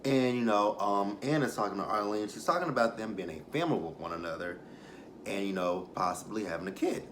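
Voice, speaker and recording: A man with a somewhat low voice runs through a TV episode in casual, slang-heavy talk. He curses freely, laughs often and leans on plenty of ums as he goes. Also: expressive, fairly quick, noisy background. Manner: loose, profane, laughing, with slang and many fillers. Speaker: TV episode reviewer, channel host.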